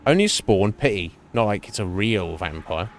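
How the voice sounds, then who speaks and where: A man's voice: fairly low pitch, animated, moderate pace. A man streamer giving casual gameplay commentary, chatty, laughing often, with lots of fillers.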